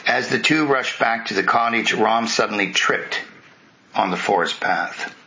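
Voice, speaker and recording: Male spiritual teacher, lowish voice, retelling scripture with chatty asides, slightly muffled recording with faint hiss. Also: unhurried. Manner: conversational, with asides to listeners.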